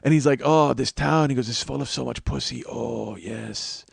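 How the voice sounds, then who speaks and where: A man's voice: mid-range voice, normal speed, gravelly, breathy edge, dry recording. A man hosting a podcast, telling a long profane story and acting out the people in it. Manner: animated, swearing, acts out quoted people. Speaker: comedian and podcast host.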